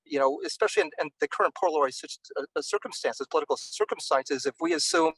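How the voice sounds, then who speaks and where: A man in a thoughtful academic discussion, his voice pitched slightly high. He halts often, repeating words and restarting sentences as he builds a point. The recording is dry and close. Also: huge pitch swings, vocal fry, fairly bright tone, slightly rough, no room sound, rough recording. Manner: halting, many restarts and fillers, professorial. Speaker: interviewee.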